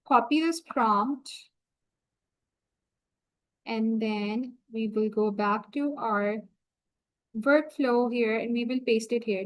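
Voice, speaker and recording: A woman walking viewers through a software setup on a screen-share tutorial, talking through each click as she goes. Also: a little high, rough recording. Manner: slow, explanatory, talks through each click. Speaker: software trainer.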